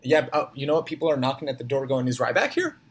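A man's voice: mid-range voice, little pitch movement, racing. A man co-hosting a podcast from a hotel room, chatting casually about wrestling and joking around. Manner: jokey, breaks into goofy impressions. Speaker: podcast co-host. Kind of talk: casual wrestling recap chat.

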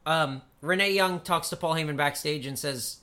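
A man's voice: fairly high pitch, moderate pace, sharp tone. A man co-hosting a casual podcast, walking through a wrestling show play by play in a rambling way with lots of fillers and swearing. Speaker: podcast co-host. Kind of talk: casual wrestling recap chat.

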